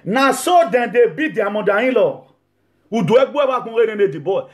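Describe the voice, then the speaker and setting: High-voiced preacher, animated. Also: male voice, slow. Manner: animated, swings from laughing asides to shouted rebukes. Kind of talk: sermon.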